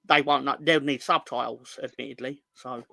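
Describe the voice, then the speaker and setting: A man's voice: medium pitch, fairly even intonation, normal speed, vocal fry, pushed and bright, no room sound. A man with a London accent co-hosting a casual football podcast, rambling and joking as he reads out viewer comments. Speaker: podcast co-host.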